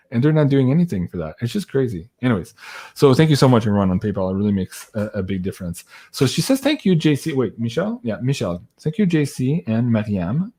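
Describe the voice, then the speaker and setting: A man co-hosts a casual livestream. His voice is husky and a little breathy, sitting at a mid pitch. He talks loosely and laughs often as he thanks people one by one. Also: dark tone. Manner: chatty, thanks donors by name, laughs often. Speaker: livestream co-host.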